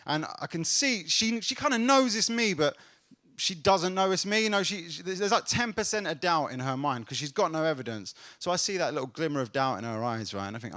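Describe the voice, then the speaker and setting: A man performing a stand-up comedy set on a club stage, telling a story and building to loud laughs. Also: a little high, lively intonation, brisk, hardly any pauses.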